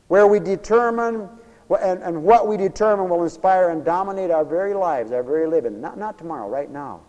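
A man preaching a sermon, swinging from low murmured asides to loud emphatic bursts. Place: church, also broadcast on radio. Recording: long hall reverb.

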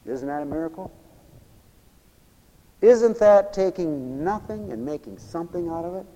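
A man preaching a sermon, swinging from loud high exclamations to low murmurs. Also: normal speed, long reverb tail, rough recording.

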